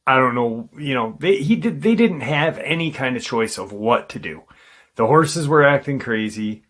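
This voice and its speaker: A man hosting a paranormal channel, casually retelling a witness's encounter in a halting way, with frequent ums and restarts. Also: mid-range voice, lively intonation, fairly bright tone.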